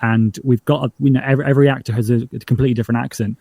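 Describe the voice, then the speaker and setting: A man's voice: medium pitch, steady tone, very fast, mellow, dry recording. A man from northern England, a podcast showrunner, talking in a casual interview with hesitant, filler-heavy speech. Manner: rambling, hesitant, many fillers and restarts.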